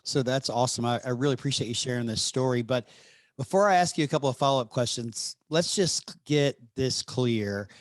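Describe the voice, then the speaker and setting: A man's voice: mid-range voice, brisk, no room sound, studio quality. A man with a Southern accent hosting an interview, upbeat and friendly as he asks questions. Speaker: podcast host. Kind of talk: interview conversation.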